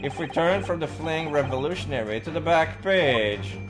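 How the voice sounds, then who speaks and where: A man's voice: a little high, expressive, over music, voice pushed up, close to an everyday voice. A man doing a pompous grand detective. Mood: haughty. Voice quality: theatrical put-on British-style accent. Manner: grandiose, lofty, slow reading. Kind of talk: reading game dialogue aloud on a live stream.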